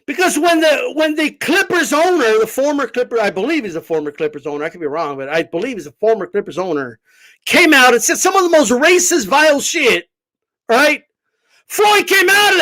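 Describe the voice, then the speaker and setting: A man hosting boxing commentary, ranting in a casual, profane, incredulous way and bursting into shouts. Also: very high voice, animated, brisk. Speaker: boxing commentator, channel host.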